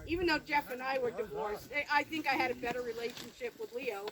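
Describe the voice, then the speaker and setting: A middle-aged woman sharing memories at a family memorial gathering, telling stories in a halting, rambling way with many restarts. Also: sits high, sing-song, gravelly, crowd noise. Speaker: former daughter-in-law sharing memories. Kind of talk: informal memorial remembrance.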